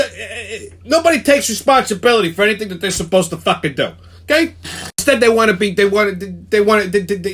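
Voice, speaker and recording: A man's voice: high voice, fairly bright tone. A man, hosting a ranting weekly commentary, heated and swearing constantly. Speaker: show host.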